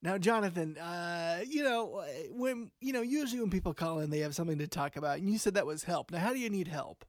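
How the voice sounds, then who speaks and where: A man's voice: sits high, expressive, fairly quick, few pauses, dry recording, studio quality. A man hosting an improvised comedy call-in show, talking in a rambling, earnest way that sometimes drops to near whispers. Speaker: talk show host.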